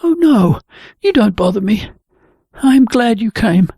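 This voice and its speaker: A weary, shy young woman speaks softly and hesitantly, her voice lifted high, as a male reader puts her on. The delivery is gravelly and a little husky, recorded close and dry. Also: sing-song, unhurried, no echo, heavily acted. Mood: gently evasive.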